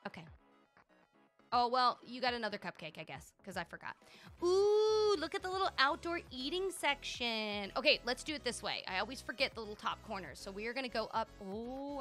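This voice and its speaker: Streaming a game live, this young woman chats in a casual, gushing, animated manner, sprinkling in plenty of "like" and "dude." Her voice leans toward the high side.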